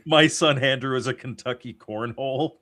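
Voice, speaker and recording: A man joining a casual livestream chat, quick with teasing jokes and punchlines. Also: mid-range voice, a crowd in the background.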